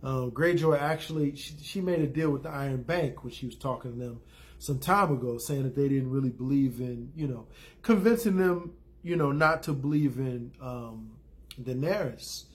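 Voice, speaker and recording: A man with a medium-pitched voice, talking at normal speed, gives an offhand, meandering recap of a TV episode. Fillers and restarts pile up as he shares blunt opinions and momentarily performs the characters' lines.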